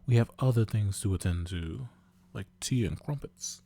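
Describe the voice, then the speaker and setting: A man's voice: fairly low pitch, moderate pace, vocal fry, dark tone. A man voicing a stuffy middle-aged British male librarian mentor in a put-on British accent, prim and formal.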